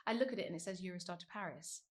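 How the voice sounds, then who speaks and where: A woman in her thirties, a guest on a podcast, telling a story in a lively, animated way and laughing as she goes. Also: on the low side, rapid-fire. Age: 30s. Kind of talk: casual storytelling chat.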